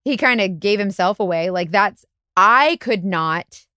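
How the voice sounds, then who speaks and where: A woman's voice: unhurried, smooth, no room sound, clean studio sound. A woman, a private investigator co-hosting a podcast, telling a story in casual chat and acting out the quotes with big jumps in voice. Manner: animated, acts out quotes with big pitch jumps.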